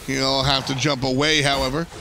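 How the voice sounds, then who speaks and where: A man's voice: medium pitch, flat delivery, normal speed. A man casting live esports, breaking down picks and items in an analytical, chatty way with frequent restarts. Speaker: esports caster.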